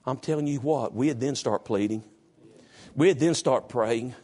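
A man preaching a sermon in a church, swinging from low, quiet talk to high, shouted passages. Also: unhurried.

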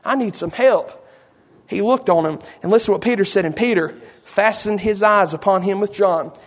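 High-voiced preacher man, folksy sermon, keeps checking in with the congregation. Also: a little fast. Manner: folksy, with repeated asides to the congregation.

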